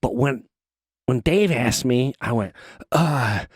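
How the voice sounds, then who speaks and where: A middle-aged man, a comedian guest, telling an animated story in a casual studio chat and acting out the voices of the people in it. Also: medium pitch, slow, breathy edge, dry recording. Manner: acts out voices in his stories, lively and excitable.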